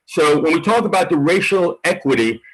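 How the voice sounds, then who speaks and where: Combative man caller, higher voice. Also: animated, a little fast, rough recording. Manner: combative, argumentative. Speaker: public commenter. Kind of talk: public comment.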